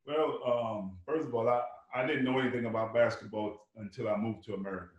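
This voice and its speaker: A man from Jamaica, a podcast guest and former player, talking slowly with many fillers and restarts. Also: lowish voice, fairly even intonation, heavy reverb, highs cut off. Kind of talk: casual podcast chat.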